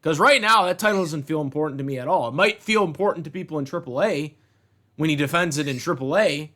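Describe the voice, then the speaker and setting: A man's voice: fairly high pitch, fast, sharp tone. A man ranting angrily about wrestling storylines, heated and profane, repeating himself for emphasis. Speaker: wrestling commentator ranting on his channel. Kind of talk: angry rant.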